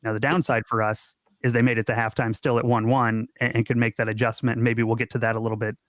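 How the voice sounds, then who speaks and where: Man co-host, steady and fluent, dry close sound. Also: medium pitch, quick pace, no room sound. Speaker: podcast host. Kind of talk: casual chat.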